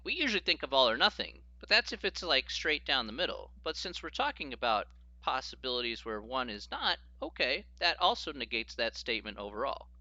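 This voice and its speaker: Guy streaming a math class, laughing thru it, bright voice, kinda muffled dry sound. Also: medium pitch, no echo. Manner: giggly, keeps breaking into laughter while explaining; reacts to viewer chat. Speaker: math teacher streaming a lesson. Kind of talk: live-streamed logic lesson.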